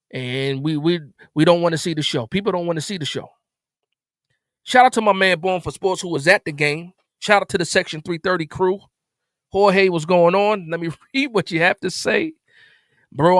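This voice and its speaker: A man's voice: high voice, fairly bright tone, no room sound, studio quality. A man hosting a live post-game reaction stream, upset and stammering with repeated words as he vents. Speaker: sports stream host.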